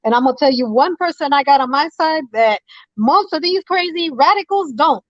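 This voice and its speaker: Woman caller, high voice, emphatic and preachy, repeats lines, dull dry phone sound. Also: expressive, moderate pace, no echo. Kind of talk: impassioned call-in talk.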